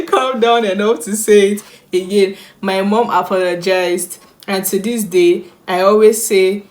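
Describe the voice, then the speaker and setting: A woman's voice: medium pitch, fairly even intonation, unhurried. A woman chats straight to her viewers with bouncy, restless energy, laughing between lines. She reads internet stories aloud and breaks off to comment on them. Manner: bubbly, chatty, laughs often, reads aloud. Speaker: YouTuber. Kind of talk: reaction storytime vlog.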